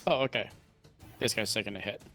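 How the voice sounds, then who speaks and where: A man's voice: on the low side, a little fast, sharp tone, soft background music. A man playing a tabletop game, talking bluntly and swearing freely. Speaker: player. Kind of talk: casual game chat.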